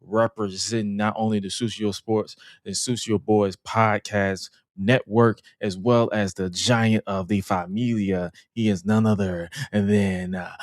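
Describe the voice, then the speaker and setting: A man's voice: on the low side, no room sound, studio quality. A man hosting a wrestling podcast in casual, joking chat, laughing often. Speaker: podcast host.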